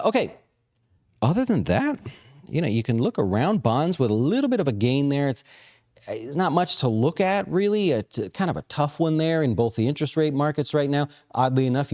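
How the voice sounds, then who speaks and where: A man's voice: medium pitch, warm tone. A man hosting a casual market commentary for an investment firm, talking loosely with many fillers and restarts. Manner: conversational, frequent fillers and restarts.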